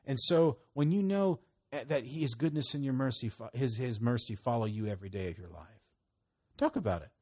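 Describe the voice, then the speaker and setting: A man's voice: mid-range voice, animated, moderate pace, husky. Folksy emphatic male preacher. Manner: folksy and emphatic, quoting scripture, sudden loud exhortations. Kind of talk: sermon.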